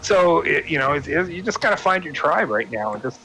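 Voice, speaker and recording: A man's voice: fairly high pitch, sing-song, a little fast, crowd noise, poor audio. A man ranting in casual chat, swearing often and restarting his sentences. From United States. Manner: profane, rambling rant with many restarts. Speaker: guest chatting on a stream.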